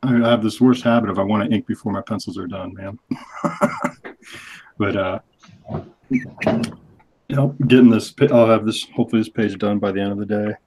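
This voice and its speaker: A man's voice: lowish voice, steady tone, normal speed, pauses often, darkish tone, husky, low-quality recording. A man, a comic artist guest, chatting casually over a laptop video call. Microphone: laptop mic on video call.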